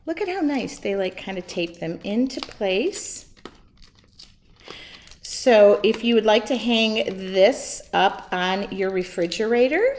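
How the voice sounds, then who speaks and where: A woman leads a live painting demo from her home studio in an unhurried, drawn-out way. She chats and teases herself as she works, giggling often. Her voice sits at an ordinary middle pitch. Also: slight background noise. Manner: chatty, self-mocking, giggly. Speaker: art teacher.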